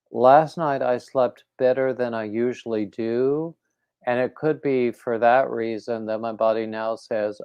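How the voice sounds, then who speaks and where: A man's voice: mid-range voice, clean tone, no echo, dull audio. A man hosting a crafting livestream, rambling casually and reading out viewer comments. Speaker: crochet livestream host.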